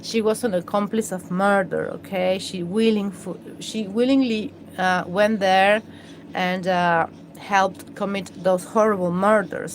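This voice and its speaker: A woman's voice: mid-range voice, a little hiss or hum, low-quality recording. A woman hosting a live stream, chatting in a rambling, hesitant way with many fillers and restarts. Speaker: livestream host.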